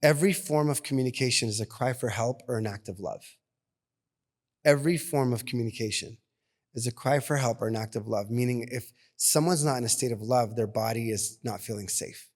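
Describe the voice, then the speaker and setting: A man co-hosting a podcast, telling a personal story in an earnest, animated way. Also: medium pitch, brisk. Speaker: podcast co-host. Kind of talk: casual podcast conversation.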